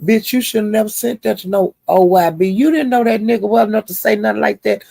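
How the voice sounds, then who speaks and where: A man's voice: sits high, brisk, vocal fry, no room sound. A man hosting a livestream, retelling drama in casual, profane, drawling gossip commentary. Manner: animated, profane, drawling storytelling. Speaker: livestream host.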